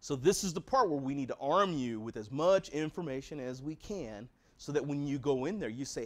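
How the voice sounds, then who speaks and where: A man's voice: medium pitch, animated, normal speed, hardly any pauses. An American man giving an earnest educational talk to patients and families, speaking directly and asking rhetorical questions.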